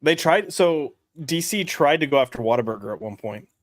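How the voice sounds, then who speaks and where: A man's voice: fairly high pitch, expressive, brisk, dry recording. A man co-hosting a casual comics podcast, rambling with lots of restarts. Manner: rambling, frequent fillers and restarts. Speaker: podcast co-host.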